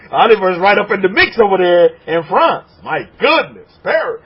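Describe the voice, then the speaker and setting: A man preaching a sermon as a rabbi, animated and repetitive. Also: sits high, measured pace, breathy edge, lo-fi sound. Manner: animated preaching, acts out congregants' voices.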